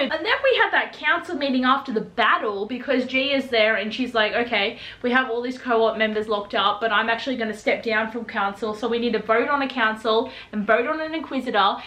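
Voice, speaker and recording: Excitable bright-voiced young woman. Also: on the high side. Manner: gushing, excitable, acts out quotes in sassy voices. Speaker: book reviewer. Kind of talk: casual spoiler book review. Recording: echoey room.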